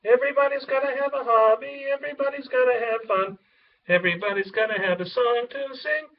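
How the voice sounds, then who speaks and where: A silly, dawdling goose singing his little song, as a man reads him. His high sing-song sounds distant and muffled. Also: brisk. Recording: distant, dull lo-fi recording.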